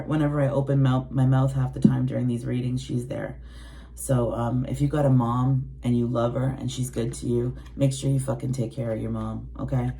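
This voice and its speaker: A woman's voice: extremely low pitch, mellow. A woman in her late forties, a tarot reader, ranting bluntly and emotionally to her viewers, swearing heavily and mimicking other people's voices. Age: 40s. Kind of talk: personal rant to viewers.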